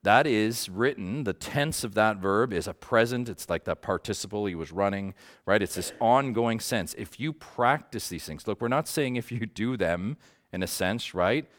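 A man's voice: fairly low pitch, moderate pace, fairly bright tone. A man teaching a Bible study group in a conversational way, earnest and passionate, often checking in with his listeners.

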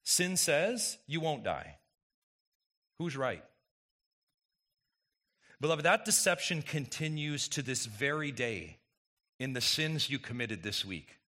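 Emphatic, lively male preacher. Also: medium pitch, takes it slowly, pauses often. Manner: emphatic preaching with rhetorical questions to the congregation. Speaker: pastor. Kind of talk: sermon.

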